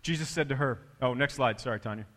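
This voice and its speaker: A man preaching a sermon with big swings in loudness and pitch, dropping to a hush for quoted words. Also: fast talker, big-room sound. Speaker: pastor.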